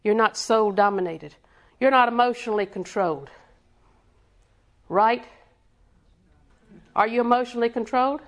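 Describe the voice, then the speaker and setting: A woman's voice: on the high side, normal speed, long pauses. A woman preaching a sermon with rhythmic repetition, quizzing her congregation and chuckling between points.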